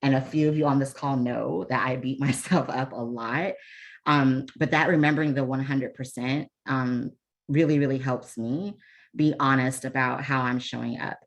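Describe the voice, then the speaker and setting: A woman with a remarkably low voice runs a casual leadership webinar by video call, her intonation fairly even and her speed normal. She chats loosely with plenty of ums, restarts, and self-deprecating remarks, and the audio's highs are cut off.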